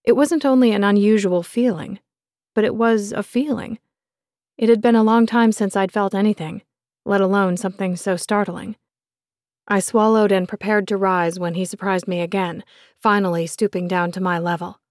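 A woman narrating a first-person romance novel in a measured, expressive reading voice on a close studio mic. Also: medium pitch, dry recording. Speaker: audiobook narrator.

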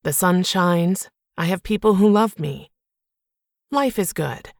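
Brief: woman narrator, low voice with a gravelly edge, dry booth sound. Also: darkish tone, dry recording. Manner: measured, reflective storytelling. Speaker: audiobook narrator. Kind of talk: first-person audiobook narration.

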